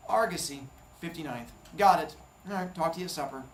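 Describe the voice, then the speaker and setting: A man's voice: on the high side, fairly quick, a little hiss or hum, close to an everyday voice. A man voicing a matter-of-fact wife. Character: calm, practical wife on the phone.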